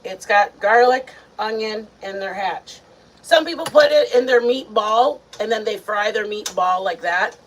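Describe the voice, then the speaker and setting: A woman from Michigan hosting a casual cooking vlog, chatty and excitable, talking straight to her viewers. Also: medium pitch, measured pace, slight background noise, rough recording. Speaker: home cooking vlogger. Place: home kitchen. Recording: kitchen with loud frying and sizzling.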